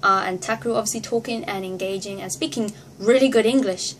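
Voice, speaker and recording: A woman vlogger telling a story to camera in a casual, excitable way, acting out her reactions and laughing often. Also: medium pitch, fast talker, a little hiss or hum.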